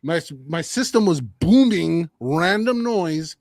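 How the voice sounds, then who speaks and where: Casual sports podcast guy, animated and blunt, dry close mic sound. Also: fairly high pitch, slow, dry recording. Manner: animated, opinionated, repeats phrases. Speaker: podcast co-host. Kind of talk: casual combat sports chat.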